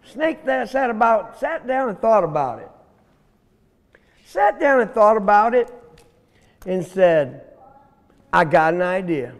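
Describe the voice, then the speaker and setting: A man's voice: high-pitched, very animated, takes it slowly, pauses often, big-room sound. A man telling a folk tale aloud who speaks animatedly and talks to his listeners directly. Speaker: storyteller.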